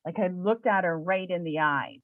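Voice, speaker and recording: A chatty woman from eastern Canada recounts her own story, filling it with "like" and quick laughs. Her voice comes through a narrow, phone-like band in a dry, close space with no room sound. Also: on the low side, no room sound. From Canada, New Brunswick area. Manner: chatty, many "like" fillers, laughs often. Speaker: spiritual shop owner and teacher. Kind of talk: personal storytelling.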